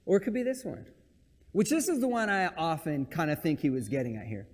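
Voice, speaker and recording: A man's voice: a little high, huge pitch swings, a little fast, a little mellow, long reverb tail. A man preaching a conversational sermon in a church, talking in a casual, joking, self-deprecating way. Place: church sanctuary.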